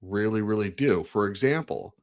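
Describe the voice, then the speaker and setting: A man with a fairly low voice speaks at a moderate pace in a candid interview about his faith. Usually a podcast host himself, he talks earnestly, restarting and repeating words as he gropes for them.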